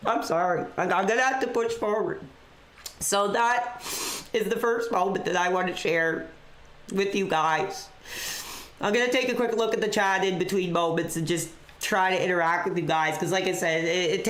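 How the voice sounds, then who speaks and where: A woman's voice: fairly low pitch, fairly bright tone. Woman, live-stream wrestling host, loose rambling delivery, echoey room. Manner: rambling storyteller with constant "you know". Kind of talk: off-the-cuff live-stream chat.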